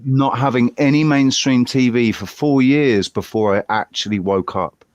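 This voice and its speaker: A man's voice: mid-range voice, moderate pace, dry recording, highs cut off. Guy hosting a live chat, rambly, swears, does little voices, dry close mic. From Western Australia. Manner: animated storyteller, acts out voices, swears. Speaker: channel host in live group chat.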